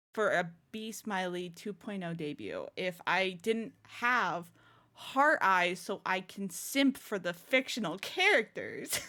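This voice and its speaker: A woman's voice: mid-range voice, sharp tone. A young woman streamer chatting casually with her viewers, giggling often and gushing. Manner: giggly, laughs often and gushes. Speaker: streamer showing her new avatar. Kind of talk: casual live-stream chat.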